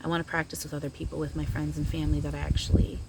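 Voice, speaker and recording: A woman's voice: deep voice, level tone, racing, noisy background. A woman talking casually to camera as a spiritual channeler, rambling and chatty with frequent fillers and giggles. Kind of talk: casual vlog monologue.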